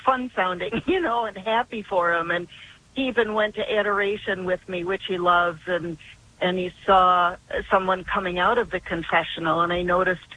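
A woman's voice: fairly low pitch, steady tone, normal speed, pushed and bright, poor audio. An older woman calling in to a radio show by phone, telling a long story in an earnest, rambling way. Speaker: caller.

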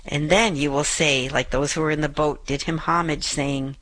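A woman's voice: sits low, normal speed, few pauses, fairly bright tone, low-quality recording. A middle-aged woman hosting a call-in prayer show, giving an earnest gospel reflection and repeating scripture lines for emphasis.

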